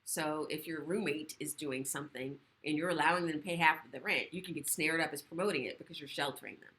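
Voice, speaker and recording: Fast-talking bright woman host. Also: low-pitched. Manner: fast, animated, swears casually. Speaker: sexual health educator, livestream host. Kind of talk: casual livestream chat. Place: home living room.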